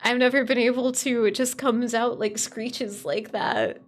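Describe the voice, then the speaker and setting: A female VTuber chats casually with viewers on a live stream, swearing freely and letting out high squeals and laughter when startled. Her tone is steady and her pace a little slow.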